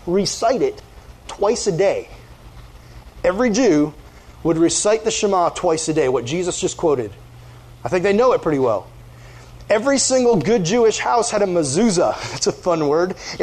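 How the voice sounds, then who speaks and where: A man giving a casual, energetic youth sermon, joking with his listeners. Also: high voice. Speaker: youth pastor.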